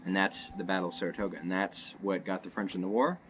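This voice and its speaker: A man's voice: low voice, fairly even intonation, quick pace. A young man giving rambling, joking commentary over a horror game, hedging often and wandering off topic. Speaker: gameplay commentator. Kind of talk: rambling let's-play commentary. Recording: loud game noise behind voice.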